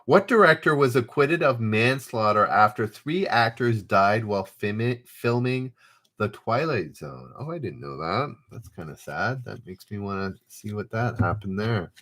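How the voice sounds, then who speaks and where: A man's voice: fairly low pitch, lively intonation, unhurried, a bit bright. A man hosting a live online trivia game, reading questions aloud and chatting casually while players answer. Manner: reads questions aloud, then chats loosely while waiting for answers. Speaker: trivia host.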